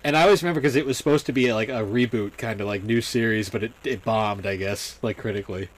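A young adult man co-hosting a podcast, talking in a relaxed, rambling way while reminiscing. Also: on the low side, fast. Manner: relaxed, rambling, with fillers and restarts. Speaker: podcast co-host. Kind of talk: casual chat.

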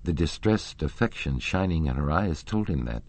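Deep husky male audiobook narrator. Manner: measured, expressive storytelling. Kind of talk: audiobook reading of a classic novel.

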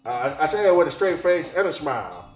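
A man's voice: a little high, big pitch swings, fairly quick, voice pushed up. A man doing a mocking impression of a preachy older male talk-show scold who lectures people. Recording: roomy echo, faint music.

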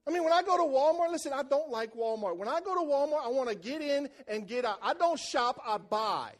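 A man preaching a sermon in church, animated and calling out to the congregation for responses. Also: extremely high pitch, normal speed. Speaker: pastor.

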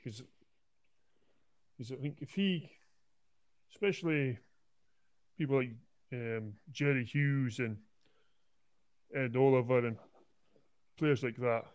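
A man's voice: medium pitch, slow, pauses often, a little mellow, lo-fi sound. Hesitant man guest on a podcast. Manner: hesitant, trailing off. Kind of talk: casual sports podcast chat.

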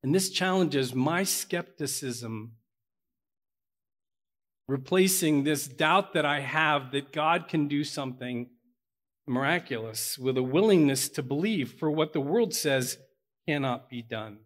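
A man's voice: a little high, takes it slowly. A man preaching a sermon to his church, earnest and building to emphatic peaks. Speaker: pastor.

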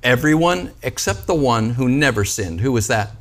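A man's voice: mid-range voice, lively intonation, moderate pace. A man preaching a conversational sermon as a pastor, with joking asides and frequent calls of "Amen?" and "right?" to the congregation.

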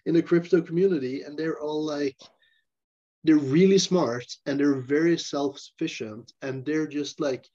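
A man's voice: on the high side, moderate pace, warm tone. A man in casual conversation, rambling, laughing often and mocking the people he quotes. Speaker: guest. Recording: dull lo-fi sound.

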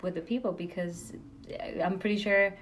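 A woman's voice: medium pitch, fairly even intonation, moderate pace, a little hiss or hum, rough recording. A woman co-hosting a podcast, talking in a supportive way and asking reflective questions. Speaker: podcast co-host. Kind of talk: conversational podcast chat.

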